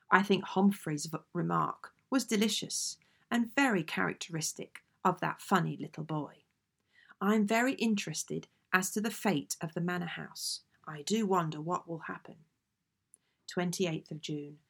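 Low, gravelly woman reading old letters. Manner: measured, genteel letter-reading. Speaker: audiobook reader.

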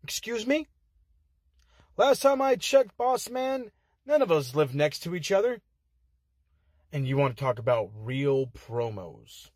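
A man's voice: a little high, very animated, unhurried, long pauses, a little mellow, no room sound, studio quality. A man cutting an aggressive, profane wrestling trash-talk promo from inside a car, sounding heated.

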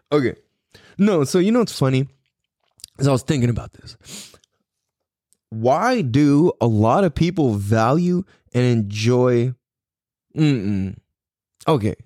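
A young man hosting a solo podcast, rambling in slangy casual talk and laughing often. He speaks slowly with a lively, swinging pitch. The recording is dry and close. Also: no room sound. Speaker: podcast host.

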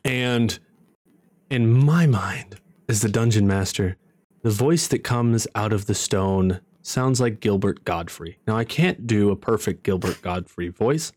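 A man narrating as dungeon master in a tabletop game, low and relaxed. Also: measured pace, no room sound.

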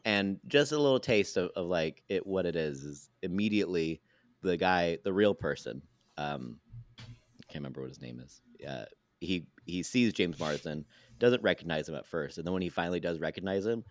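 A man's voice: sits low, a little fast, no room sound. A man co-hosting a podcast, retelling a show with hesitant fillers and laughter. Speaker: podcast co-host. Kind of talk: casual chat.

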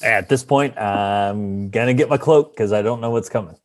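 A man's voice: fairly low pitch, moderate pace, dry recording. A man playing a tabletop role-playing game, thinking aloud and laughing easily. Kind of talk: casual in-character game talk.

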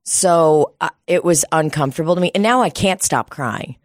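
A woman's voice: sits low, normal speed, dry recording, studio quality. A woman co-hosting a comedy podcast, telling stories in a blunt, profane, casual way. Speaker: podcast co-host.

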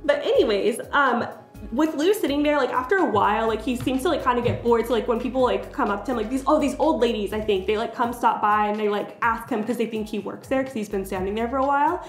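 A chatty young woman, pitched a little high, tells a game story in casual podcast chat, leaning hard on fillers like "like." The room rings with echo, and a faint music bed sits underneath. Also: quick pace. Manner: chatty, filler-heavy, laughs often. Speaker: podcast co-host.

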